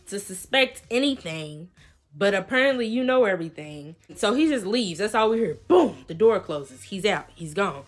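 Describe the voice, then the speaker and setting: Young woman telling a slangy story. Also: medium pitch. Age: young adult. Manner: animated, slangy storytelling with quoted voices. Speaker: vlogger. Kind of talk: storytime vlog.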